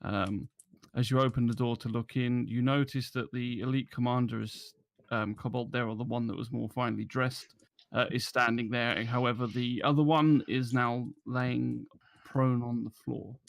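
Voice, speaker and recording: A man's voice: medium pitch, steady tone, normal speed, gravelly. A man narrating as dungeon master in a tabletop game, hesitant and full of ums and restarts.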